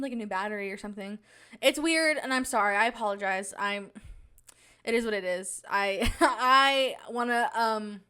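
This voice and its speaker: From her small home studio, a nineteen-year-old woman runs a solo podcast in a slightly bright, mid-range voice. Her casual talk is rambling and chatty, packed with filler words.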